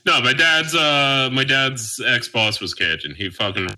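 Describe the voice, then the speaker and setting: A man co-hosting a casual comedy podcast, profane and sarcastic, with loud animated outbursts. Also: mid-range voice, a little slow, low-quality recording. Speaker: podcast co-host.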